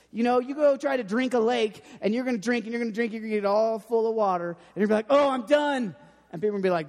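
A young man preaching a sermon, telling lively stories with a self-deprecating humor. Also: extremely high pitch. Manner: animated storytelling, self-deprecating. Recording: long hall reverb.

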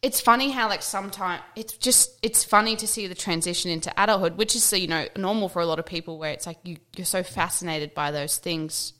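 A woman's voice: lowish voice, brisk, hardly any pauses, bright, forceful tone. Woman podcast host in her thirties, enthusiastic, rambling casual chat. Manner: chatty, enthusiastic, many fillers.

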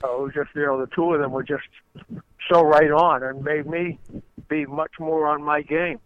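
A man's voice: a little high, steady tone, normal speed, no echo. An older man, a retired race car driver, telling stories as a guest in a rambling way, often restarting his phrases. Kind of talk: conversational storytelling. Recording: dull lo-fi audio.

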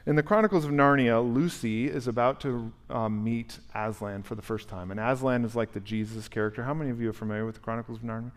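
A male pastor preaching a conversational, animated sermon and asking the congregation questions in a church sanctuary. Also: mid-range voice, quick pace, hardly any pauses.

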